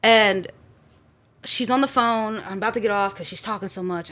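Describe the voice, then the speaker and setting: A woman telling a personal story as a panel guest, lively and acting out what people said. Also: mid-range voice, moderate pace. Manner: lively storyteller, often acts out quotes.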